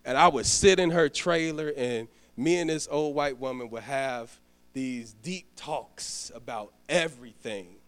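A middle-aged man, a deacon preaching a sermon, telling a personal story and then praying, his voice building to loud emphatic peaks. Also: mid-range voice, a little slow, smooth. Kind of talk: sermon with story and closing prayer.

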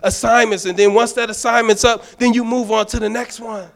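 Male deacon, high gravelly voice, fervent sermon delivery with stammered restarts. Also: steady tone, brisk, a bit bright. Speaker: deacon preaching.

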